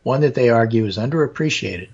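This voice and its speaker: A man hosting a political talk show with a hoarse voice, talking casually and discursively with many fillers. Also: medium pitch, expressive, fast, a little mellow, muffled recording. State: hoarse from allergies.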